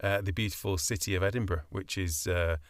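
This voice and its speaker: A man's voice: deep voice, steady tone, a little fast, no echo, studio quality. A man from England co-hosting a podcast, playful and jokey in casual chat. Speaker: podcast co-host.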